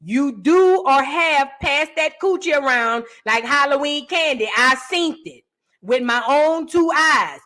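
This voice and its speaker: A young woman hosting a reaction video, talking with loud, profane and sassy mockery. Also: high voice, lively intonation, a little slow. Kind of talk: brash gossip commentary.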